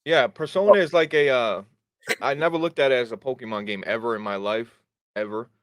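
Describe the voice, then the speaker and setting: A man's voice: mid-range voice, brisk, a bit bright, no room sound, studio quality. A man hosting a casual gaming podcast, grumbling and swearing as he calls himself the hater of the chat. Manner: grumbling, profane, self-described hater. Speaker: podcast host.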